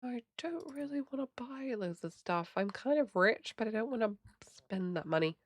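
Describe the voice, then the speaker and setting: A woman's voice: fairly high pitch, expressive, moderate pace. A woman chatting casually while streaming a game, giggly and swearing freely. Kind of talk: casual livestream chat while gaming.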